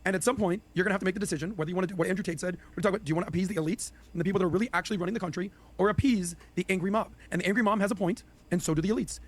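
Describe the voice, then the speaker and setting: A man on a political panel talking casually in a rapid-fire way. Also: sits high. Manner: rapid-fire, impressions of officials.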